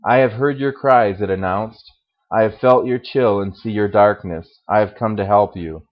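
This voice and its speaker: A man voicing a calm male stranger bringing fire, speaking steadily and with gentle invitation, read aloud during a sermon. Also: lowish voice, normal speed, highs cut off, close to an everyday voice.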